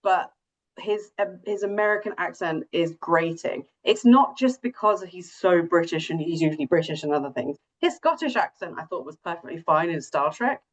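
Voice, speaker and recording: A woman co-hosting a casual film podcast, opinionated and quick to laugh. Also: fairly low pitch, expressive, rough recording. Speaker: podcast co-host.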